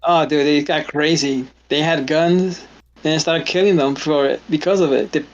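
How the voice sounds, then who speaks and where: A man's voice: fairly high pitch, steady tone, normal speed. A middle-aged man hosting a stream, chatting casually and rambling, repeating words as he goes. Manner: rambling, repeats words, quotes people in exclaiming voices. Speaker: stream host. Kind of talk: casual chat. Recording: dull lo-fi stream audio.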